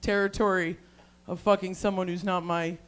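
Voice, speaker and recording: Woman, stand-up comic, brash, crude, loud, bar stage mic. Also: lowish voice, flat delivery, normal speed. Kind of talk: live stand-up set.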